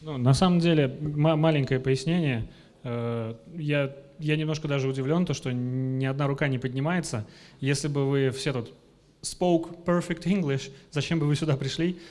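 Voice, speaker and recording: A man's voice: mid-range voice, steady tone, normal speed, darkish tone. A man interpreting and summarizing a talk for the audience, with some hesitations. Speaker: co-presenter and interpreter. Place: conference hall.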